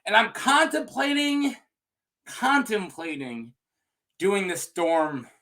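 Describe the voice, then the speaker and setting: Lively guy rambling to his viewers, jokey and loose, voice bouncing all over, kinda high for a dude. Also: slow. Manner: rambling, jokey, improvised, with restarts and laughs. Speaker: video creator talking to viewers. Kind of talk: unedited casual rant.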